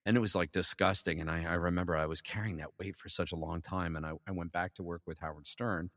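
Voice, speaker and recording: A middle-aged male voice actor telling animated stories in a casual interview, full of fillers. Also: low-pitched, fast talker, no room sound, studio quality, in a large hall. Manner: animated anecdotes, frequent fillers and laughs. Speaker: voice actor guest.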